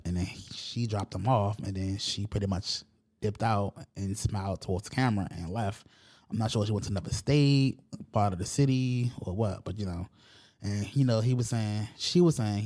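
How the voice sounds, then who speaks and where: A man's voice: fairly low pitch, measured pace. A man hosting a podcast, loosely retelling a movie plot in a rambling, slangy way and acting out the characters' lines. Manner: rambling, loose slangy storytelling with animated quoted voices. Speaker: podcast host.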